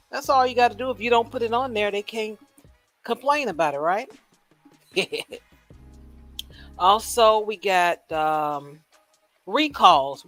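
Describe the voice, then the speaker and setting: Chatty woman hosting a livestream. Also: fairly high pitch. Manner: chatty, animated, rhetorical questions, laughs at own jokes. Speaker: livestream host. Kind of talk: casual rambling livestream chat. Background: faint music.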